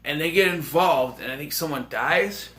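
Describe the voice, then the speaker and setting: A man rambling excitably and jokingly through a casual movie review. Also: fairly high pitch, moderate pace, a little hiss or hum.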